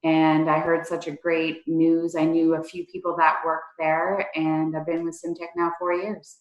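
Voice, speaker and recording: A woman's voice: low-pitched, monotone, a little slow, muffled recording. A woman in her forties, a district manager and trainer, talking casually in a rambling way with many fillers. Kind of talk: casual interview chat. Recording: echoey room.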